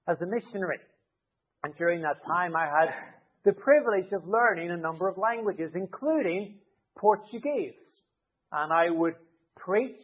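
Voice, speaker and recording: High-voiced preacher, tinny sound. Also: male voice. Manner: explains with everyday hypothetical scenarios. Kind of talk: conversational sermon. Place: church. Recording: tinny narrow-band sound.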